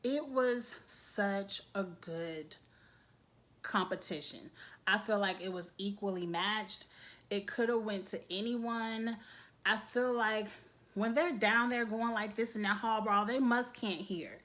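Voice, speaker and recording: An expressive woman speaks as she recaps a reality TV episode in casual chat. Her voice swings up and down, and she laughs often. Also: mid-range voice, slow.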